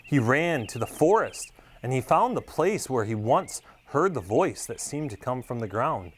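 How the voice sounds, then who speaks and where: Animated male storybook reader. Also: mid-range voice, normal speed, breathy edge. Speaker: store manager reading a children's story. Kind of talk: storybook read-aloud.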